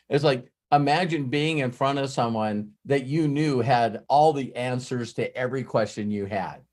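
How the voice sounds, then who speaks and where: A man leads a live coaching session at an ordinary middle pitch. He tells lively stories and acts out bits of dialogue in other voices. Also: normal speed, hardly any pauses. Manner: animated storyteller, acts out quoted dialogue. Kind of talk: live mastermind coaching talk.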